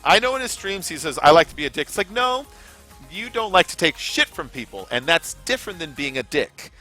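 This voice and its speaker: A talkative male streamer rambles to his chat in a loose, swearing, laughing way. His pitch swings up and down a lot and his tone is bright and tense, with faint music in the background. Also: sing-song, normal speed. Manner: chatty, rambling, swears casually, laughs often. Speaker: gaming livestreamer. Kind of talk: casual live stream chat.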